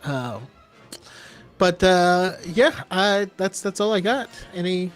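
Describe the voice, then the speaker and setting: An easygoing man co-hosting a casual podcast chat, laughing often. His voice sits high and moves a lot in pitch, and he speaks slowly over faint music. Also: lively intonation. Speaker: podcast co-host.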